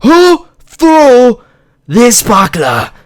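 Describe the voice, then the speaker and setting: A young man putting on a furious, shrill-shouting mother with a Singaporean English accent. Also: huge pitch swings, drawn-out words, heavily acted. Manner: shrill, shouting, repeating herself. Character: furious shrieking middle-aged mother.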